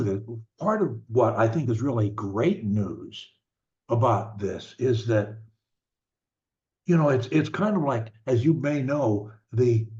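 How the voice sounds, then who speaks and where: An older man coaching parents on speech, talking in a slow, deliberate way with halting restarts. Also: mid-range voice, dark tone. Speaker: stuttering coach. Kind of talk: advice talk to parents. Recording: dull lo-fi sound.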